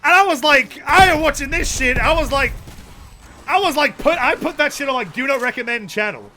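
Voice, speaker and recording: A man's voice: extremely high pitch, fairly quick, bright, forceful tone, slight background noise. A man chatting casually to his viewers while playing a game, telling rambling stories and swearing a lot. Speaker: game streamer. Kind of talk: casual live-stream chat while gaming.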